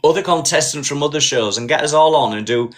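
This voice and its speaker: A man hosting a casual live-stream chat, telling an animated story. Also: a little high, quick pace. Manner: animated storyteller, acts out voices in quotes. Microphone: phone on live stream.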